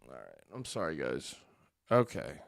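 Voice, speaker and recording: A man hosts a casual livestream, talking half to his viewers and half to himself. His voice carries a gravelly, creaky texture and sounds close and dry. He mutters irritably and lets curses slip under his breath. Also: very deep voice, very animated, a little slow, dry recording. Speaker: livestream host.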